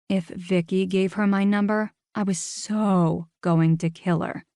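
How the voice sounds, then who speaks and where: Woman narrator, mid pitch, wry first-person reading, dry studio sound. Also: steady tone, a little slow, few pauses, mellow, no echo. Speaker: audiobook narrator.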